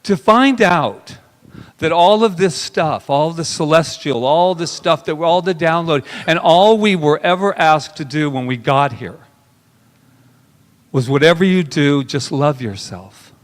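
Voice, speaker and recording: A man's voice: on the high side, measured pace. Man preaching a sermon in an echoing hall. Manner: intimate, emotional, shifts between soft murmurs and raised bursts. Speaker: minister. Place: spiritual center sanctuary. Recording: long hall reverb.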